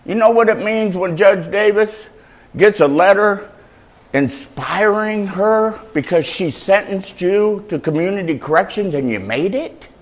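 A man preaching in an informal, conversational way, slipping into street slang between Bible verses. His voice swings widely and sits a little high, and he slows right down and lifts his volume when he quotes scripture. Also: expressive, poor audio. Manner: quotes scripture loudly and slowly. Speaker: faith-based mentor preaching. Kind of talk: informal sermon.

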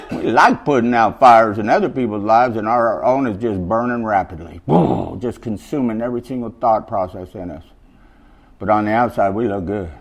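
Preaching in a fairly low voice, a man reads from scripture and adds lively, loud, conversational comments, shouting when he hits his high points.

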